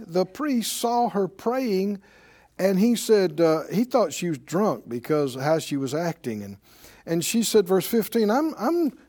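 A man's voice: sits high, dark tone. A man preaching a sermon in a conversational way, calling out questions to the congregation.

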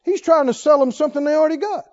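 A man's voice: very high voice, rapid-fire, dull audio. A male pastor preaching emphatically, often putting questions to his congregation. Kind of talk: sermon.

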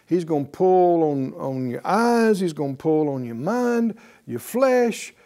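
Slow, mellow-voiced male preacher. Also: fairly high pitch, big pitch swings. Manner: emphatic preaching with rhetorical questions. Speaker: pastor. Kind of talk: sermon.

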